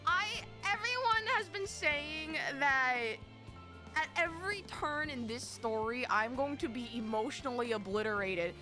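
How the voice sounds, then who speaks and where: A young woman streamer chatting with her live chat in an excitable, dramatic way, rambling and restarting as she goes. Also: sits high, measured pace. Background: faint game music.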